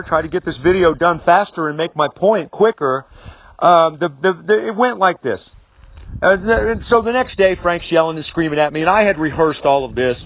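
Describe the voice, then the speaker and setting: A man's voice: a little high, lo-fi sound. A middle-aged man telling a personal story straight to camera, casual and rambling, with many restarts, mild swearing and firm, emphatic repetition. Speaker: business speaker. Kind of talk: storytelling video monologue.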